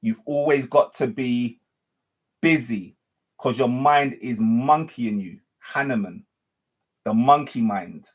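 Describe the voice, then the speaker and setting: This man, a spiritual teacher, has a medium-pitched voice and a slow pace. His unscripted monologue loops through repeated, reworked phrases, punctuated by frequent self-corrections.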